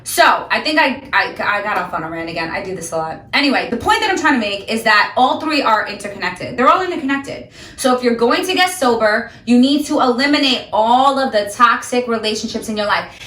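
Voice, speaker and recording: A sobriety vlogger ranting emphatically through a motivational talk aimed straight at her viewers, her fairly high, bright voice carrying a forceful edge. She speaks fairly quickly with lively intonation. The room is echoey, and she sits a little back from the microphone, so she sounds distant.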